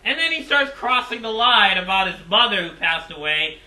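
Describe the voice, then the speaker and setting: A man reviewing a wrestling show in casual recap style, excitable and rambling, repeating himself. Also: high voice, normal speed, echoey room, low-quality recording.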